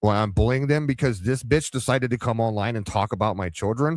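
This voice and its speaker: A man's voice: mid-range voice, a little fast, hardly any pauses, darkish tone, dry recording, studio quality. A man hosting a live reaction stream, rambling and taunting with heavy profanity.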